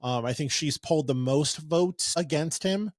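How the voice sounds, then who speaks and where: A man's voice: a little high, normal speed, dry recording, studio quality. A man co-hosting a casual political podcast, rambling with sarcastic asides. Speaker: podcast co-host.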